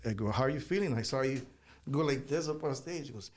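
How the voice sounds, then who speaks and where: A man, a guest musician, telling casual stories in an animated way and laughing as he talks. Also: mid-range voice, fast talker, noisy background. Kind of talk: casual storytelling.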